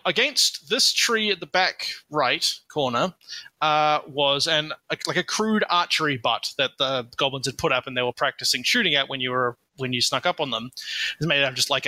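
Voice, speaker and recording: A man's voice: a little high, pushed and bright, dry recording. A man running a tabletop game as game master, narrating the scene in a casual, meandering way and often correcting himself. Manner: casual, meandering descriptions with frequent self-corrections.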